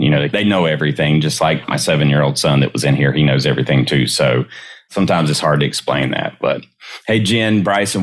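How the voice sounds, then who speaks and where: A man hosting a podcast who runs youth leagues, talking casually with many fillers and rhetorical questions. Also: rumbling low. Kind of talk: casual interview chat.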